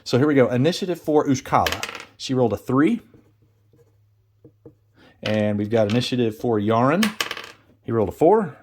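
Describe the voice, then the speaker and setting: A man's voice: mid-range voice, background noise. A man narrating a solo tabletop game, chatting and thinking aloud as he rolls dice and laughs at bad results.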